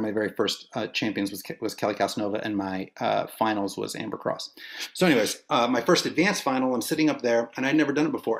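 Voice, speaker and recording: A middle-aged man giving a casual, story-filled talk as a dance instructor, animated and chatty with frequent restarts and fillers. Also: lowish voice, a little hiss or hum. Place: home set-up for an online event.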